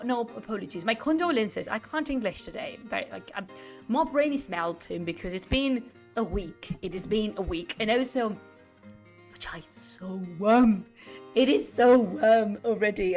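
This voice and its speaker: Woman streamer, casual rambling chat with many restarts, a little off-mic, faint music underneath. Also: mid-range voice. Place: home room. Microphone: desk mic, sitting away from it.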